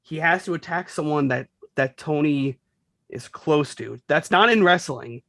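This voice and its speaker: A man's voice: a little high, a little slow, a bit bright, dry recording. A man co-hosting a wrestling show in casual chat, stammering and repeating words as he speaks. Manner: stammering, repeats words while searching for them. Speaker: wrestling podcast co-host.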